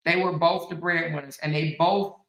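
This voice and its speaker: A woman hosts an opinionated commentary monologue, speaking emphatically and repeating her points. She keeps checking in with the listener. Her voice is bright and sounds roomy, with a noticeable echo. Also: low voice, fairly even intonation, normal speed. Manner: emphatic, repeats phrases, frequent "right?". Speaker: commentary host.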